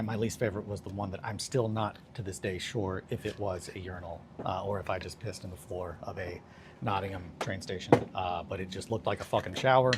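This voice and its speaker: A young man streaming a casual chat, telling rambling stories with lots of swearing and sudden bursts of excitement. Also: medium pitch, slight background noise.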